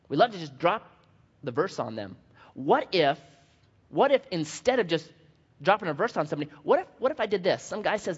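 The dull lo-fi recording captures a male pastor in a long-reverb church sanctuary, his high voice quick and edged with breathiness. He keeps his sermon casual and animated, acting out quotes and poking fun at himself.

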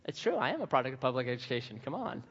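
A man's voice: medium pitch, racing, husky. A man preaching a sermon as pastor, telling funny stories and repeating lines for emphasis. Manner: animated, humorous storytelling with emphatic repetition. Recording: dull sound, long hall reverb.

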